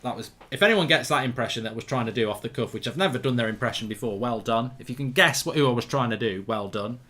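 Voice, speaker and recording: A man's voice: medium pitch, fast talker, sharp tone. A man hosting a live football watchalong, chatting and answering viewer questions. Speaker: host.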